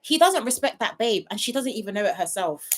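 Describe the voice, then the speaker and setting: A woman hosts a casual live review, talking straight to her audience. Her voice sits fairly high and moves expressively up and down. She often dissolves into laughter as she goes. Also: a little fast, a little hiss or hum. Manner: animated, often breaking into laughter, talking to viewers directly. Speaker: reality TV reviewer hosting a livestream. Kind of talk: casual chat.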